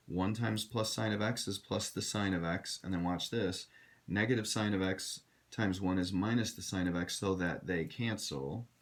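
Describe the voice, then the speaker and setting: Addressing his students as "you guys," a man with a deep voice teaches a recorded math lesson at normal speed. His delivery is direct and instructive.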